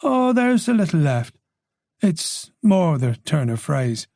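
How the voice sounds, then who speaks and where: A man's voice: fairly high pitch, very animated, slow pace, vocal fry, mellow, dry recording, studio quality, pitched above the performer's own voice, heavily acted. A man voicing a reserved, polite middle-aged police chief inspector in a story. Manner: polite, modest, guarded.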